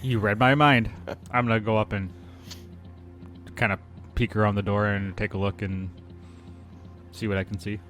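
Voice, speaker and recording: A man with a lowish voice chats as a tabletop player and jokes with the table. Quiet music runs underneath. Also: little pitch movement, moderate pace, long pauses. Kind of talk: casual tabletop chat.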